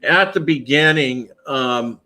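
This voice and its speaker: A man's voice: medium pitch, slow, pushed and bright, rough recording. A man hosting a casual podcast panel, talking in a laid-back, drawling way with lots of fillers. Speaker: podcast host.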